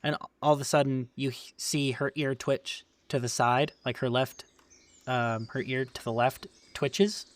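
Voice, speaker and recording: A man's voice: medium pitch, steady tone, a little slow, no echo. A man narrating a tabletop role-playing game as game master, talking loosely with many fillers and restarts.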